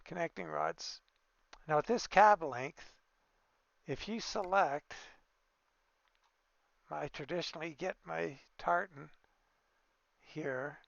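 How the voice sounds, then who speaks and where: A man with a heavily gravelly voice talks through a truck-building game in an easygoing, off-the-cuff way, thinking aloud as he goes. The sound is dry and a little dull, recorded close on a desk microphone. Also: a little high, expressive, takes it slowly, long pauses, fairly bright tone, no echo. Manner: easygoing, thinking aloud with fillers and small exclamations. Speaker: gaming video creator. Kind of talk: casual gameplay commentary.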